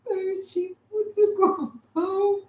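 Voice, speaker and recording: A woman who speaks softly and soothingly as she passes along messages from someone else. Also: very high voice, level tone, slow pace, roomy sound, slight background noise.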